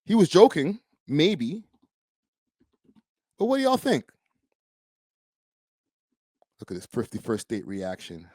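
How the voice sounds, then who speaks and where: A man's voice: fairly high pitch, wildly swooping pitch, takes it slowly, long pauses, mellow, dry recording, studio quality. A young man from Canada, a streamer host giving a blunt, profane, slangy live-stream reaction.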